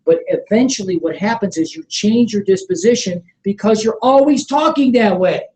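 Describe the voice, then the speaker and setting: A middle-aged man leading a motivational sales training seminar. He coaches with energy, keeps checking that the room is following, and acts out sample pitches. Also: expressive, moderate pace, a little mellow, a little hiss or hum, low-quality recording. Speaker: network marketing trainer.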